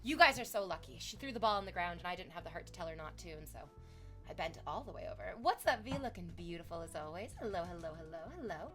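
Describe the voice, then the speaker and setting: A young woman chatting casually on a live stream, excitable and swearing freely. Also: fairly low pitch, fast, faint music behind. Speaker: livestreamer.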